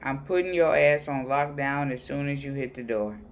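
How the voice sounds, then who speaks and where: A man reading personal letters aloud in a plain, unhurried voice. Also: mid-range voice. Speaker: reader of letters.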